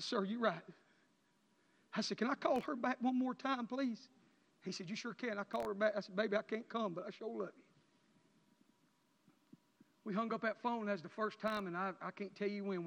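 A man preaching an emotional sermon, swinging from near-shouts down to quiet, low passages. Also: a little fast, vocal fry, long pauses. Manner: impassioned, rising to near-shouts then dropping low. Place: church sanctuary. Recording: dull sound with long church reverb.

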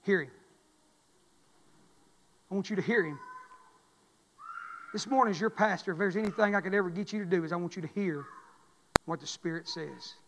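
A man preaching as pastor in a church, repeating lines and building to loud, shouted climaxes. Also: sits high, normal speed, pauses often, noisy background. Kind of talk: sermon. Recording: long reverb of a church hall.

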